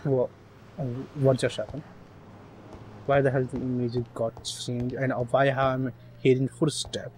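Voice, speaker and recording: A man giving rambling play-by-play commentary on a horror game, with loud outbursts. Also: mid-range voice, little pitch movement, slow pace, a little hiss or hum, low-quality recording. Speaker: gaming streamer.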